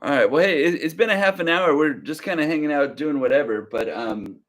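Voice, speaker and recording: A young man hosting a casual livestream, talking slowly and easily with a slight drawl, rambling as he reads viewer comments aloud. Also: on the high side, fairly bright tone. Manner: slow, easygoing drawl. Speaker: livestream reseller host.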